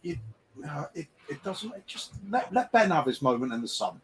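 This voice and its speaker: A man, a podcast regular, explaining things in a relaxed, plain way. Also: fairly high pitch, a little fast, slight background noise. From England. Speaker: podcast co-host. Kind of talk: casual chat.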